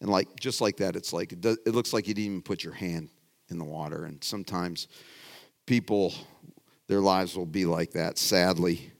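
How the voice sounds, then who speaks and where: A middle-aged man preaches as a pastor, his voice sitting low at a normal speed. The sermon is casual and conversational, folksy and rambling, full of restarted sentences and swings between loud emphasis and quiet asides.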